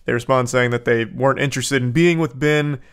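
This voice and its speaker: A man's voice: medium pitch, steady tone, a little fast, fairly bright tone, clean tone. A man hosting a commentary video who reacts in a sarcastic, incredulous way, reading out messages with blunt profanity. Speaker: commentary host.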